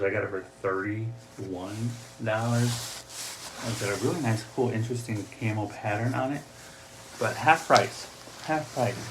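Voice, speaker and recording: A man's voice: fairly low pitch, slight background noise. A man with an Upper Midwest American accent hosting a casual solo podcast from his home office, jokey and talkative. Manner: chatty, jokey, acts out voices for gags. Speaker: podcast host. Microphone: desk mic, also streaming live.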